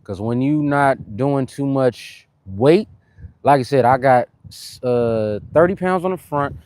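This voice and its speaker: This fitness streamer, a young Californian man with a Californian accent, uses slang while working out live, greets viewers by name, and catches his breath between sets. His voice is medium-pitched and slow, and the recording is dry.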